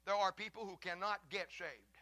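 High, bright-voiced preacher. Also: male voice, fairly even intonation, moderate pace, dry recording. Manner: fiery, shouting in the first half, then lower and conversational with asides. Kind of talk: sermon.

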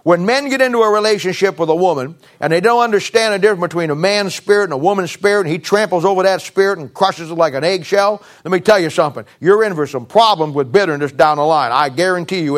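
Male pastor, middle-aged, high-pitched voice, folksy emphatic sermon. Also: quick pace, few pauses.

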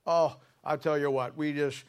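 A man voicing a soft, sugary modern male pastor in a mocking, gushing way. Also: a little high, fairly even intonation, moderate pace, clear, resonant tone, close to an everyday voice. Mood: syrupy.

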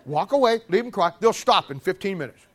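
A man preaching a sermon in an animated, humorous way, stammering restarts and acting out little scenes. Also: high-pitched, brisk.

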